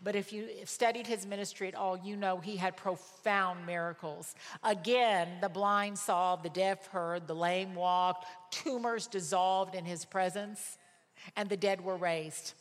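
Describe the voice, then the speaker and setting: A woman preaching a sermon, telling stories emphatically and repeating words for stress. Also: mid-range voice. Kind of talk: sermon with personal storytelling. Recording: long hall reverb.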